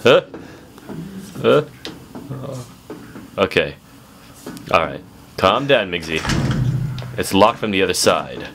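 A man's voice: sits low, big pitch swings, takes it slowly, pauses often, noisy background. Jumpy man yelping through horror gameplay. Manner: talks to viewers, swings from muttering to yelping shouts. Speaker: let's play gamer. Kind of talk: horror game commentary.

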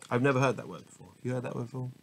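At home, a man reads dictionary entries aloud in a casual, unscripted way, often stumbling over hard words, correcting himself, and laughing at his mistakes. His medium-pitched voice is fairly even, very fast, and has vocal fry. A small camera mic gives low-quality sound with a little hiss or hum.

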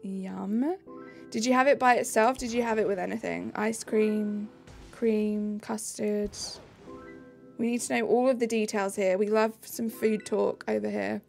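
A woman's voice: medium pitch, fairly even intonation, measured pace, creaky, soft background music. A young woman live streaming, answering chat messages in a bubbly, casual way.

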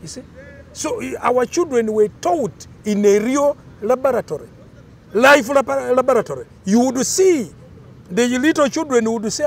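A man's voice: very high-pitched, animated, moderate pace. An older man, explaining cultural traditions in an emphatic, storytelling way during an interview.

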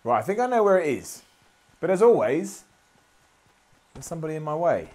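A man's voice: fairly high pitch, big pitch swings, brisk, loud music behind the voice. A man giving self-deprecating, sweary commentary while playing a video game. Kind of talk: gameplay commentary.

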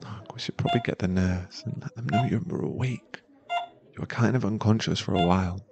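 A man's voice: on the low side, a little fast, creaky. A man in an ASMR role-play, voicing a young boyfriend at a hospital bedside who pleads, stammers and sounds close to tears. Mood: gentle. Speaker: ASMR voice actor.

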